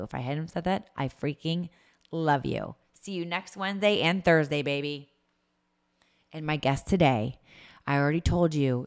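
A woman's voice: low-pitched, fairly bright tone, clean tone. A woman hosting a podcast in casual chat, gushing and effusive, swearing freely. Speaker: podcast host.

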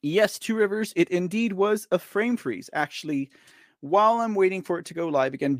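A man's voice: high voice, normal speed, dry recording, clean studio sound. A man hosting a political news livestream, chatting and joking with viewers in the chat, teasing them and laughing often. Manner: animated, laughing, teasing, talks straight to viewers. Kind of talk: casual livestream commentary talking to the chat.

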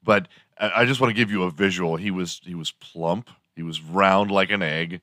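A man hosting a morning talk show, sarcastic and crude as he rambles through his comic monologue. His voice is bright and fairly low, and his delivery is unhurried. The sound is dry and close. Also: no echo. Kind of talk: comedic podcast monologue.

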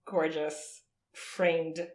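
A woman's voice: deep voice, flat delivery, drawn-out words, roomy sound. A woman podcast co-host in casual chat, emotional and teary, laughing through sobs.

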